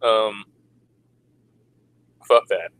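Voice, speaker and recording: A man in his forties ranting in a casual livestream, crude and sarcastic, now and then mocking people in a high put-on voice. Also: very slow, fairly bright tone, clean tone, no echo, rough recording. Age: 40s. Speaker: vlogger. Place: home in the Philippines.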